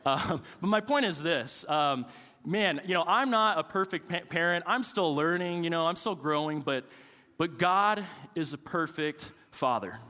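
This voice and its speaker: A man's voice: on the high side, expressive, unhurried, sharp tone, in a large hall. A man in his thirties, a pastor preaching a sermon with casual, joking stories about family life.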